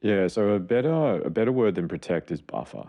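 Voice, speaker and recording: A man's voice: lowish voice, very animated, a little fast, lo-fi sound. A man co-hosting a podcast and explaining child mental health in an earnest, rambling way, correcting himself as he goes. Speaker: podcast co-host, child clinician. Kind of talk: casual explanatory chat.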